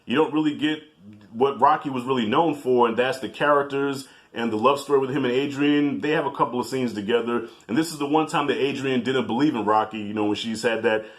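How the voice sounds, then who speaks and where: A man's voice: mid-range voice, fairly even intonation, a little fast. A man hosting a casual movie review video, talking in a loose, profane, chatty way. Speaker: movie reviewer, channel host.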